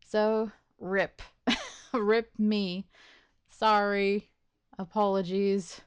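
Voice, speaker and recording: A woman's voice: medium pitch, flat delivery, drawn-out words, smooth. A woman hosting a let's play, chatting casually and self-deprecatingly about her schedule and the game, thinking aloud with many restarts and laughs. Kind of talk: casual gameplay commentary.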